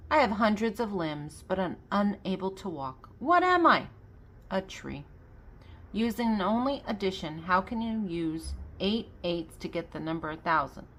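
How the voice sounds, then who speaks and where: Reading aloud from a children's joke book, an older woman asks riddles, supplies the answers, and laughs at her own jokes. Her medium-pitched voice is expressive and fairly bright, and she goes a little slowly.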